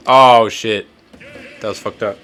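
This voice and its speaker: A man's voice: fairly low pitch, steady tone, slow pace, fairly bright tone, faint music behind. A man in his twenties telling a rambling, profane, self-mocking story in a casual chat while gaming. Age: 20s. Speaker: podcast host.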